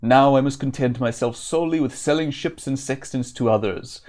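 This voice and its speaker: A man doing a gruff old sea dog. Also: medium pitch, normal speed, a little mellow, lightly acted. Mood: grumbling. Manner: vague put-on old-timey accent, archaic speech. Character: gruff old male sailor turned shipwright, scornful.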